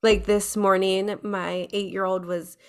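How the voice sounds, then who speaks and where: A woman's voice: medium pitch, level tone, a little slow, clean tone. A woman in her thirties hosting a casual podcast, candid and open, swearing and laughing easily. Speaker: podcast host.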